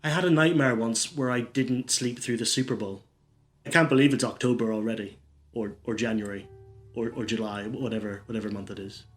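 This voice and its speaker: A man's voice: mid-range voice, fairly even intonation, a little fast, soft background music. A man doing stand-up one-liners, rambling and stumbling over his words. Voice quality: rambling, self-interrupting. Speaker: stand-up comedian.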